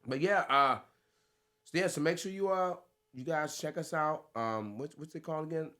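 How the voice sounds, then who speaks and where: A man's voice: fairly high pitch, moderate pace, sharp tone. A man from the United States, a fighter co-hosting a podcast, chatting casually with loose, laughing, swearing banter.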